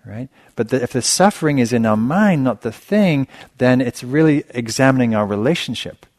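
A middle-aged man, a meditation teacher, giving a dharma talk in a relaxed storytelling manner with self-deprecating humor. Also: mid-range voice, moderate pace, no echo. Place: meditation center hall.

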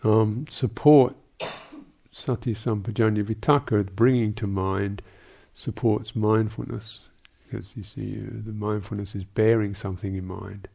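A gravelly, somewhat low man's voice, a Buddhist monk teaching in a dharma talk. He speaks thoughtfully and haltingly, restarting phrases and adding small asides. The tone stays dark and mellow. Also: steady tone. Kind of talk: dharma talk answering questions.

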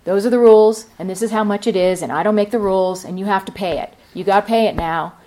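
A woman quoting a stern librarian who flatly insists on the rules. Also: medium pitch, fast, a little hiss or hum, close to an everyday voice, low-quality recording. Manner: hard, unyielding.

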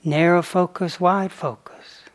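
A man giving a dharma talk on retreat as a meditation teacher, reflective and unhurried, with playful asides. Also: high voice, steady tone.

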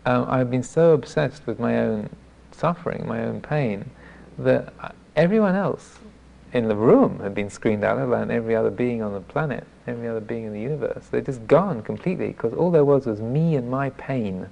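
A man, a Buddhist monk teacher, giving a dharma talk as self-deprecating storytelling, halting with many restarts. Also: mid-range voice, lively intonation, vocal fry, dark tone.

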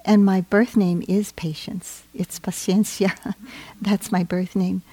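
Gentle reflective woman, mellow voice. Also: mid-range voice, flat delivery, slow, breathy edge, no echo. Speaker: meditation teacher. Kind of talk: dharma talk on retreat. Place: meditation retreat.

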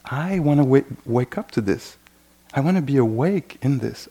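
Male meditation teacher, mid-pitched with a gravelly edge, reflective and unhurried, dharma-talk delivery. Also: lively intonation, mellow. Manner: reflective, unhurried, with frequent "you know"; acts out inner voices in quoted asides.

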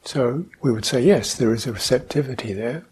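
A man giving a reflective meditation talk, speaking slowly, asking questions and adding soft hums between points. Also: medium pitch, a little hiss or hum. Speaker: meditation teacher. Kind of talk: dharma talk.

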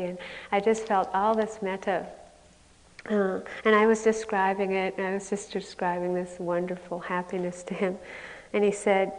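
A long hall reverb surrounds this recording of a woman meditation teacher giving a candid dharma talk in a retreat center's meditation hall. Her medium-pitched voice is a little mellow, and her self-deprecating stories frequently dissolve into laughter.

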